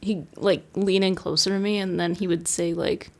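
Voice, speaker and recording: A woman's voice: on the low side, steady tone, moderate pace. A woman co-hosting a podcast, trading playful, teasing banter in casual chat. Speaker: podcast co-host.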